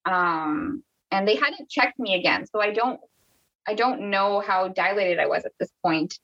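Woman, from Canada, podcast guest, casual storytelling, middle pitch, chatty with restarts, dull lo-fi sound. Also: a little slow, fairly bright tone. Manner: chatty, many restarts and quoted dialogue.

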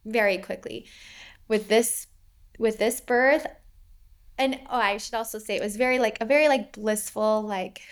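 A woman in her thirties recounting her birth story in a casual, rambling way, with many fillers and frequent laughs. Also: mid-range voice. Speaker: podcast guest. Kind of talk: personal story, casual interview.

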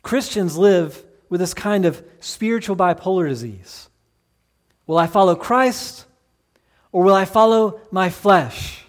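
A male pastor preaching a sermon, earnest and pleading, with many rhetorical questions. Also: sits high.

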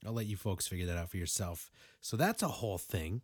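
Lively young man, podcast co-host. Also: brisk, slightly rough, no room sound, clean studio sound. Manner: animated, profane, acts out quotes in high voices. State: stuffy nose. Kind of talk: casual movie review chat.

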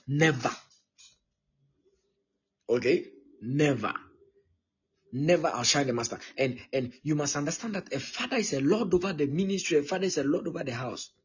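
Male pastor, 30s, very husky tone, insistent repetitive teaching style, muffled lo-fi stream. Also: mid-range voice. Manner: emphatic and repetitive, often checking in with "okay?". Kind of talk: live-streamed teaching sermon.

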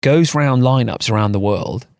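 A man's voice: mid-range voice, moderate pace, vocal fry, darkish tone, no room sound, studio quality. A man co-hosting a podcast, chatting in a rambling, self-mocking way. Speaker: podcast co-host. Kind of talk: casual chat.

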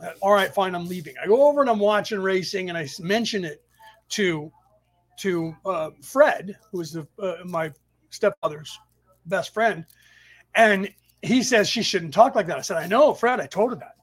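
A man hosting a spiritual study class on a live stream, telling stories in a rambling way with sudden loud outbursts, talking into a home computer mic. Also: sits high, moderate pace. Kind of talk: casual live-stream storytelling. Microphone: home computer mic over weak Wi-Fi.

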